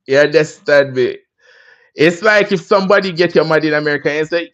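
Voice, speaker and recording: A man's voice: on the high side, a little fast, fairly bright tone, muffled recording. A Jamaican man hosting a casual livestream, talking in a laid-back, chatty way and often asking "you understand me?". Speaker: livestream host.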